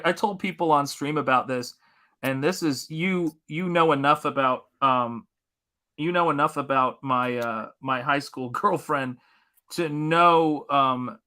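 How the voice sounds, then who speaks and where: A man from Tennessee, speaking slowly at a medium pitch, hosts a live art stream and tells a story. He keeps it casual and animated, laughing and swearing often.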